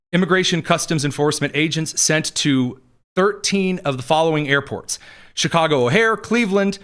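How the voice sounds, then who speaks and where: A man's voice: a little high, fairly bright tone. A male podcast host delivering political news commentary in a sarcastic, conversational, digressive way.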